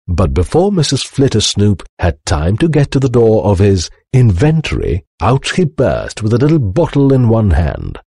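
Man narrating a children's story, low husky voice, dry close sound, very animated. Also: dry recording. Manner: animated, expressive reading. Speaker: storybook reader.

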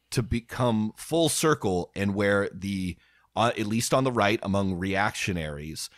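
A man's voice: on the low side, dry recording, clean studio sound. A man hosting a podcast, talking through ideas casually with many fillers. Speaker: podcast host. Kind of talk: casual chat.

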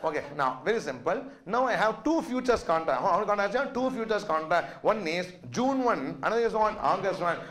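A man with a high, bright voice lectures a finance class. He keeps drilling the room with quick prompts like "what?" and "yes or no?", pausing for the students to answer. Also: animated. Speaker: finance teacher.

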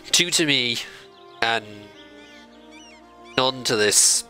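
A man with a fairly low voice and a strikingly sharp, bright tone talks through a strategy game he is playing. He chats casually and scolds the computer opponents in mock outrage. Faint game music plays behind him. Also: lively intonation, a little slow, long pauses, low-quality recording. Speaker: video game let's-play host. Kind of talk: casual gameplay commentary.

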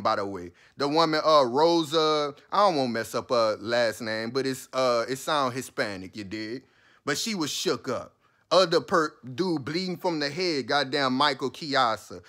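A man rants through a commentary, his voice sitting a bit higher than most men's. He swears freely, turns sarcastic and talks straight at his listeners. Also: fairly bright tone. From New Orleans, USA. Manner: heated, profane, sarcastic, addresses listeners directly. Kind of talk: ranting commentary.

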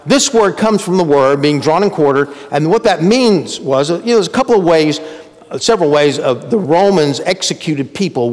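A man preaching a sermon as pastor in a conversational way, swinging between emphatic rises and quiet drops. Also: a little high, in a large hall. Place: church sanctuary.

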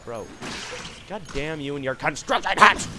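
Goofy young guy yelling over game noise. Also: a little high, expressive, normal speed. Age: young adult. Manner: goofy, rambling, yelps and mock voices. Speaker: gamer, let's play host. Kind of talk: casual let's play commentary. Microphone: gaming headset.

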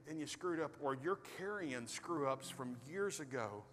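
A man preaching a sermon as pastor, animated, swinging between loud bursts and hushed storytelling. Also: on the high side, normal speed. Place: large church hall. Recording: reverberant hall with soft music.

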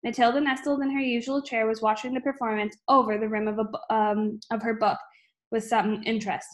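A woman reading a children's book aloud at an unhurried pace, with frequent small slips and restarts. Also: on the high side, little pitch movement. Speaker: reader.

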